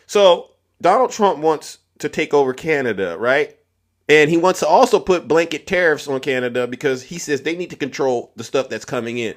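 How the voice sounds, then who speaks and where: A man's voice: fairly high pitch, animated, fairly quick. A man hosting a live political debate stream, talking to his chat and calling people up, mocking and repeating himself. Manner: mocking, repetitive, taunting callers.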